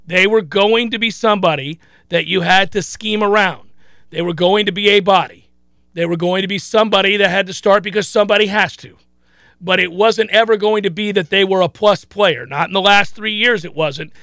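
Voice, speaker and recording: A sports talk host, a man, riffs animatedly in a casual, rambling way and often starts sentences over. His voice sits high with a gravelly edge and a bright, forceful tone, recorded dry and close. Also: brisk, no echo. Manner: animated, chatty, frequent restarts.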